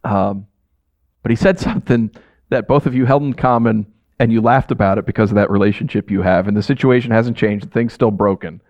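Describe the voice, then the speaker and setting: A man in his thirties preaching a sermon to his congregation, talking in a relaxed, animated way with frequent "right?" asides. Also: lowish voice, brisk, dry recording, dull audio. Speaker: pastor.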